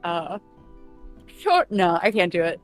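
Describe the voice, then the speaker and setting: A woman with a lively, expressive pitch, talking hesitantly and casually on a stream. Her voice is dry and close, with faint music playing underneath. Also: slow pace, dry recording. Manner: hesitant, self-conscious laughing. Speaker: guest voice actor.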